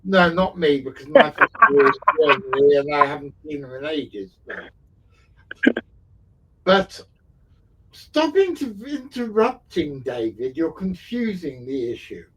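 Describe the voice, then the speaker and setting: A man's voice: a little high, big pitch swings, a little slow, a bit bright, husky, poor audio. A man hosting a casual online talk show, rambling and self-mocking. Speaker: podcast host. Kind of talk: casual chat.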